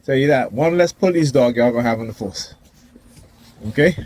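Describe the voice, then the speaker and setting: A man's voice: mid-range voice, moderate pace, a little mellow, a little hiss or hum. A man ranting defiantly to the camera outdoors in a casual, confrontational vlog, laughing now and then. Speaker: vlogger.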